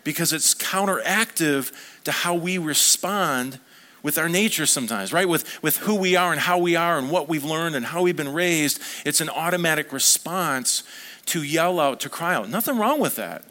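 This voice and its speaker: A man's voice: a little high, expressive, moderate pace, bright, forceful tone. A man preaching a sermon as a pastor, talking conversationally and asking the congregation questions.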